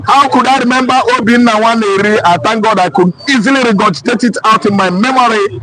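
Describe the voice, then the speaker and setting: A man's voice: high-pitched, brisk, crowd noise, low-quality recording. A Nigerian man hosting a live-stream chat, calling out viewers' names. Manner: reads out viewers' names with lively calls. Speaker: show host.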